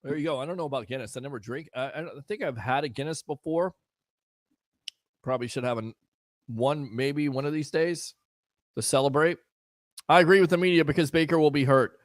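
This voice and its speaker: A man's voice: a little high, a little fast, pauses often, no room sound, studio quality. A man hosting a casual sports talk show, riffing sarcastically and chatting with listeners.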